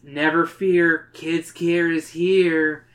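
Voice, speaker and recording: A reader voicing a sly, lazy teenage babysitter in a flat, unhurried way. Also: mid-range voice, natural voice.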